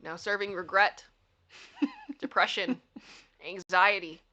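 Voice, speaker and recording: A woman's voice: mid-range voice, lively intonation, slow pace, bright, forceful tone, lo-fi sound. A woman hosting a casual livestream, reading funny signs aloud, giggling playfully and talking back to her chat. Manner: giggly and playful, often laughing. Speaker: livestream host.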